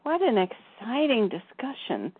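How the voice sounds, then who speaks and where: A woman's voice: on the high side, sing-song, measured pace, husky, no echo, phone-quality sound. Bubbly laughing woman on a call line. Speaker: channeler and co-presenter. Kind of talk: casual spiritual chat.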